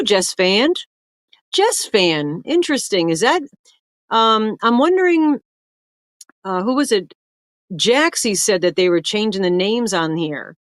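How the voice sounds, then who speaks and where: A woman's voice: mid-range voice, no room sound, clean studio sound. Chatty older woman hosting a livestream. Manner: chatty, greets viewers by name, rambling. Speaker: livestream host. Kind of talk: casual livestream chat.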